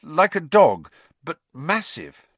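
A man's voice: fairly high pitch, very animated, fairly bright tone, no room sound, pitched above the performer's own voice, full character voice. A man voicing a wary, nervous teenage boy wizard who answers hesitantly. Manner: hesitant and quick to deflect.

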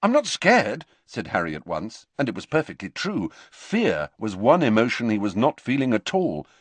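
Man narrating a novel; lively melodic read, dry studio sound. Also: lowish voice, normal speed, husky, dry recording. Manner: expressive, varied delivery. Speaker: audiobook narrator. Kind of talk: scripted narration.

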